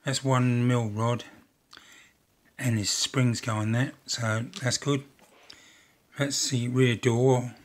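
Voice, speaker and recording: A man's voice: mid-range voice, flat delivery, slow pace, pauses often. An older man chatting casually as he narrates building a model railway kit, rambling and self-deprecating.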